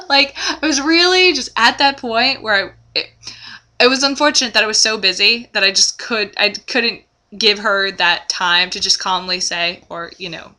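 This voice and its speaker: Young woman vlogging, super bright tone, slightly high voice, chatty and animated with lots of ums. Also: moderate pace. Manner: animated storytelling, many fillers. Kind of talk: casual chat to camera.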